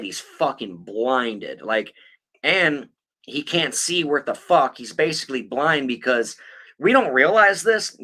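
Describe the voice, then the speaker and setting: A man's voice: medium pitch, pushed and bright. A man on a podcast, telling a story in a rambling, swear-heavy, casual way. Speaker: podcast co-host.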